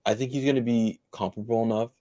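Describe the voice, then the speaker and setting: A man co-hosting a casual sports podcast, spinning bold predictions in a lively way with lots of "like" fillers. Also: mid-range voice, quick pace, dry recording. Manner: animated, spins bold predictions with frequent "like" fillers. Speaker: podcast co-host.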